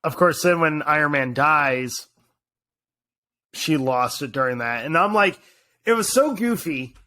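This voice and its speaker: Animated man telling a story on a podcast. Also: fairly high pitch, measured pace. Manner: animated storytelling, lots of fillers and restarts. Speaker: podcast co-host. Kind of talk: casual chat.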